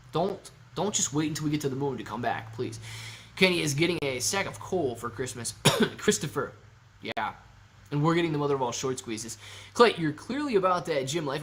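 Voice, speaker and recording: Playful man hosting a casual livestream. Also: fairly high pitch. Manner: reads viewer comments aloud and answers them; playful and joking. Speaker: livestream host.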